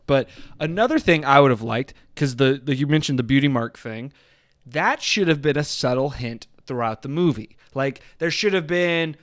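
A man hosting a podcast, talking in a rambling, animated casual chat and laughing often. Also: medium pitch, no echo, studio quality. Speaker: podcast host.

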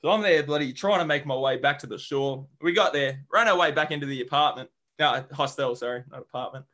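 A young man who is a guest on a podcast, telling a travel story casually, lively and swearing freely as he acts out what people said. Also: on the high side, fairly quick.

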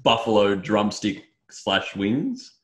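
A man's voice: on the low side, slow pace, reverberant. An Australian man co-hosting a casual podcast chat, ranting with lots of "mate" and swearing. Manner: animated ranting, swears, says "mate" often. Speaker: podcast co-host.

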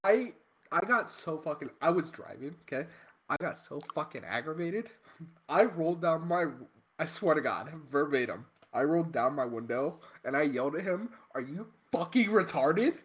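A man's voice: a little high, moderate pace. A man in casual chat telling a road-rage story, swearing often and filling his speech with "like" and "okay?". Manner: profane, animated storytelling with many fillers.

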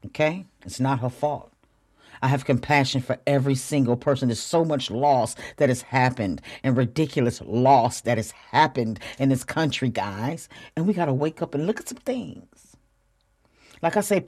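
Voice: mid-range voice, a little mellow. An earnest podcast host giving a heartfelt spiritual talk, repeating phrases and calling listeners y'all. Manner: repetitive, drawn-out phrasing.

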